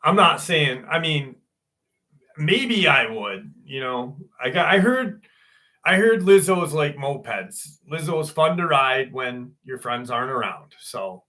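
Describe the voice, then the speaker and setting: A man's voice: a little high, very animated, takes it slowly, pushed and bright. A man hosting a live stream, casually telling a rambling story with swearing and frequent laughter. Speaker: host.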